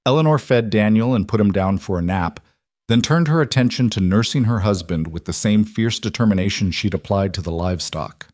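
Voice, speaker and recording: A man narrating a scripted frontier story in a steady, measured way. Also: lowish voice, no echo, studio quality.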